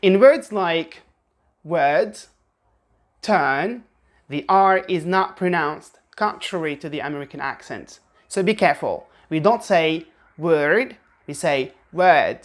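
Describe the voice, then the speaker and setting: Woman with a lowish voice, running a pronunciation lesson, drills words slowly. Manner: slow, drawn-out example words repeated for practice. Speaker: English pronunciation teacher.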